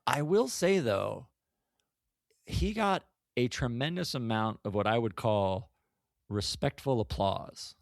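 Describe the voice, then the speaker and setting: A man co-hosting a podcast, chatting casually in a joking, animated way. His pitch swings widely as he talks. The sound is close and dry, with no room echo. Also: slow pace, vocal fry. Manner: joking, animated, reads his own notes aloud. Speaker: podcast co-host. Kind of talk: casual chat reviewing an old comedy episode.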